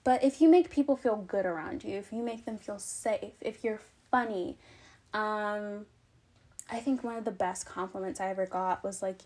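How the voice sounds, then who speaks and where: A woman's voice: mid-range voice, moderate pace, darkish tone. A young adult woman vlogging casual advice, chatty and frank, out of breath. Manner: chatty, frank, filler-heavy.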